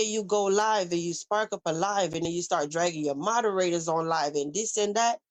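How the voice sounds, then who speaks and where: A woman with a Southern US accent hosting a casual live stream, talking bluntly and with plenty of swearing as she speaks straight to her chat. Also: mid-range voice. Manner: blunt, profane, addresses chat directly. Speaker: livestream host.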